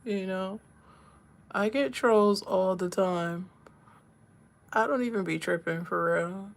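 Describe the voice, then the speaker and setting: A woman's voice: mid-range voice, slow pace, vocal fry. A woman chatting casually with her livestream viewers while she does her makeup and reads comments aloud. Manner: laid-back, talks to chat, reads comments aloud. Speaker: livestream host.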